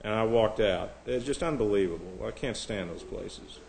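A man's voice: fairly low pitch, normal speed, creaky, a little mellow, a little hiss or hum. A man preaching a sermon, telling stories and reading out joke lists, chuckling between them. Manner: storytelling, chuckles between jokes; reads lighthearted lists aloud. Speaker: pastor. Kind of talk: humorous sermon.

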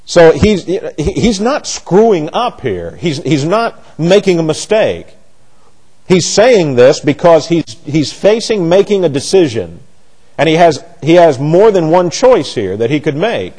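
A man preaching a sermon, animated and sarcastic, often restarting his sentences. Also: on the high side, a little slow, slightly rough.

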